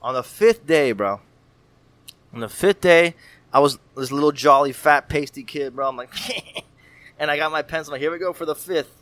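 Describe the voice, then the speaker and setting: Man, thirties, pitched a bit high, loud, profane storyteller who acts out every voice. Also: normal speed, no room sound. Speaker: podcast guest. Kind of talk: casual storytelling.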